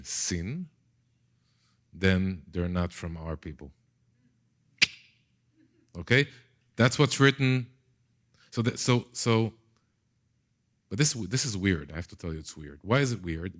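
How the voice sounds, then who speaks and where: Slow, low-voiced Israeli man teaching. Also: fairly bright tone. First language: Hebrew. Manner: repeats words, asks the class questions. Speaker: Bible teacher. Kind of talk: casual classroom lecture.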